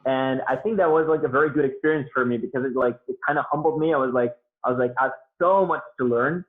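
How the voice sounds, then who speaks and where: A man of middling pitch speaks as a guest over a remote call. His talk rambles with loose fillers and restarts, and the sound is thin and phone-like. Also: fairly even intonation, fast. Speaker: guest beatboxer. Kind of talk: casual interview talk. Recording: tinny phone-like line.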